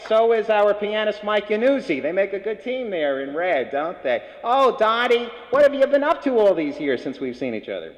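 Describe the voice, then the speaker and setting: A man hosts a local TV talk show, heaping effusive praise on his guest. His voice sits high and swings widely in pitch, with long reverb around it as if in a hall. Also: big pitch swings, fairly quick, few pauses, highs cut off. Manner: effusive, complimentary. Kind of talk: friendly TV talk show hosting.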